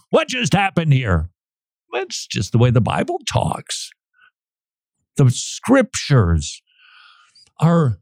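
A male radio host talks on air from a studio in a warm, relaxed tone. His pitch rises and falls all over the place as he comments, chuckling between passages he reads aloud. The sound is close and dry, with no room around it. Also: no room sound.

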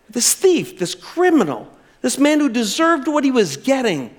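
A man preaching a sermon as pastor, swinging from emphatic, raised lines to soft, drawn-out words, then leading a prayer. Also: very high-pitched, big pitch swings.

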